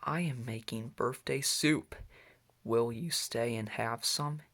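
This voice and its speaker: Un hombre leyendo como un osito alegre y entusiasta. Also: male voice, mid-range voice, slow pace, fairly bright tone. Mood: eager. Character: cheerful little boy bear cub. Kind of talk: reading a children's book aloud.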